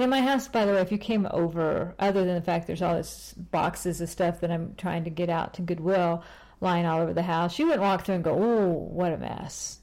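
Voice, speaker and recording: A woman's voice: lowish voice, a little mellow. A woman vlogging in a casual, rambling way, often restarting her sentences mid-thought. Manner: rambling, chatty, self-interrupting. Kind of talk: casual chat to camera.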